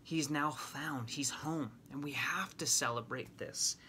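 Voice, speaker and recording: A middle-aged man teaching a sermon, retelling a scripture story in lively paraphrase and acting out the characters' lines. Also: mid-range voice, measured pace, a little hiss or hum. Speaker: men's ministry teacher.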